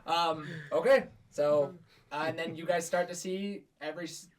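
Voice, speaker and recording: Rambling game master, a bit distant. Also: male voice, fairly high pitch, moderate pace. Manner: rambling, filler-heavy, frequent laughs. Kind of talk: narrating a tabletop game.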